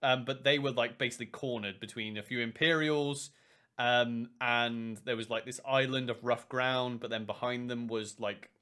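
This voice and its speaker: Animated young man telling stories. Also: medium pitch, normal speed. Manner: animated storyteller, acts out quoted lines. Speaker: podcast co-host. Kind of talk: casual podcast chat.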